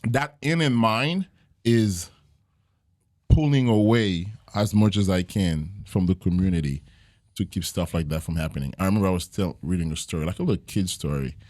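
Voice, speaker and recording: Low-voiced man, earnest and reflective. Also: normal speed, darkish tone, no room sound, studio quality. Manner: earnest, reflective storytelling with frequent fillers. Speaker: jiu-jitsu gym owner and podcast guest. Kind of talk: casual interview conversation.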